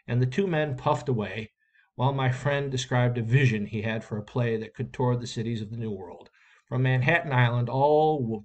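A man reading a short story aloud in a steady, measured way. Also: mid-range voice. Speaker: reader.

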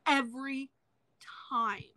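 Southern woman, 30s, blunt casual livestream chat, bright tone, slightly high voice. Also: steady tone, slow, dry recording, low-quality recording. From South Carolina, US. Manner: blunt, frank, swears freely. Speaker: livestream host. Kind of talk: casual chat while crocheting.

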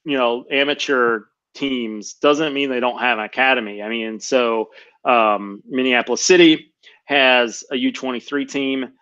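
A man's voice: medium pitch, fairly even intonation, unhurried, sharp tone, clean tone, dry recording, muffled recording. A man hosting a casual podcast chat, rambling with lots of ums and self-corrections. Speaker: podcast host.

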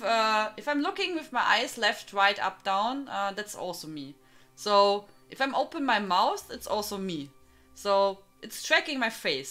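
This German woman, strongly accented, talks casually on her live stream in a fairly high, sharp voice. She calls out viewers by name and laughs frequently.

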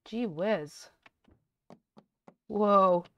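A woman giving chatty, excitable let's-play commentary as a gaming YouTuber, often giggling. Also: medium pitch, very slow.

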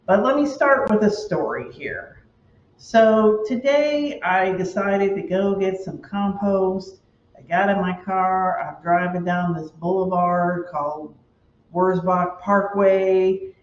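A woman hosting a tarot channel, chatting casually to camera and telling stories that play up her own worries. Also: medium pitch. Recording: roomy, distant, dull lo-fi sound.

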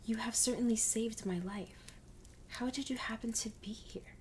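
A woman voicing a gentle, polite tin man in a whispered role-play storybook reading. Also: on the high side, fairly even intonation, normal speed, slight background noise, natural voice. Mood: grateful.

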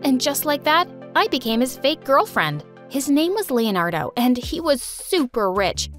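Young woman narrating with lively pitch. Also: measured pace, soft background music. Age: young adult. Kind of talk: scripted animated-story narration.

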